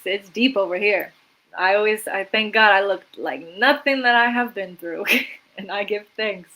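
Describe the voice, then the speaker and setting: A woman's voice: mid-range voice, fairly bright tone, poor audio. Woman telling a dramatic story. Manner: vivid, dramatic retelling with quoted inner voices. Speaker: guest, artist and author. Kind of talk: livestream interview storytelling.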